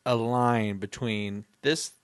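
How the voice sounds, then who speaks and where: A man's voice: medium pitch, steady tone, takes it slowly, smooth, dry recording, clean studio sound. Teasing man hosting a podcast. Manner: teasing, laughs often. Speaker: podcast host. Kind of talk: casual podcast chat.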